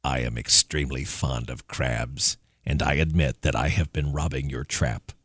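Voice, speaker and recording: A sly, wheedling hill devil from a storybook tale, voiced by a man, drawing out his words slowly and low with a sneer. The voice sits extremely deep and husky. The sound is dry, with faint music underneath. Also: fairly even intonation, a bit bright, dry recording, full character voice.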